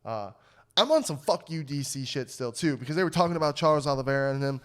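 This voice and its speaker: A man's voice: medium pitch, lively intonation, quick pace. A young man co-hosting a podcast in casual chat, fired-up and swearing freely as he rants. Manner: profane, fired-up ranting. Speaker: podcast co-host.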